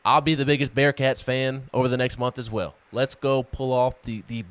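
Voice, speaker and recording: A man's voice: medium pitch, level tone, normal speed. A man co-hosting a casual sports talk show, stuttering on word starts as he works up his opinions.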